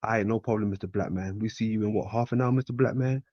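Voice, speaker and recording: A man voicing a smooth-talking male mogul placating his wife, in a laid-back, hushed, mocking way. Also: fairly low pitch, steady tone, quick pace, no echo, muffled recording, natural voice.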